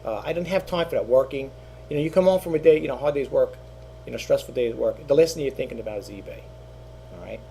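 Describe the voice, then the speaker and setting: Talking fast with vocal fry, a middle-aged eBay reseller addresses his YouTube channel in a medium-pitched, dark-toned voice. The casual talking-head monologue is rambling and repetitive, full of fillers, with a little hiss or hum in the background.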